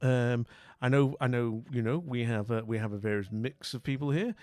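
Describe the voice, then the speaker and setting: A man's voice: medium pitch, moderate pace, darkish tone, dry recording, faint music behind. A man from northern England, a streamer with a northern English accent, chatting casually and rambling, with restarts and friendly greetings, a bit weak after being ill. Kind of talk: casual live-stream chat.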